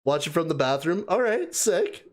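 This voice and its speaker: A man's voice: a little high, very animated, moderate pace. A man hosting a casual livestream, chatting and laughing as he greets viewers and reads their comments aloud. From Canada. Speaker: livestream host. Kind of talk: casual live chat reading viewer comments.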